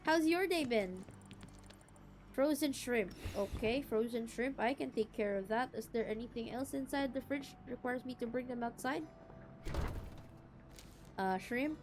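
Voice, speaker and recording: A young woman from the Philippines, streaming a game and chatting with viewers. Her voice is pitched high and put on to sound sweet and girlish. Faint game music plays under her talk. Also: a little mellow. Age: young adult. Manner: deliberately cute, girlish voice. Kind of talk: casual gameplay chat.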